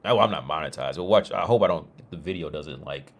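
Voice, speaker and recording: A man's voice: rumbling low, lively intonation, a little fast. A man talking on a casual livestream, rambling with many restarts and fillers. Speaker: streamer.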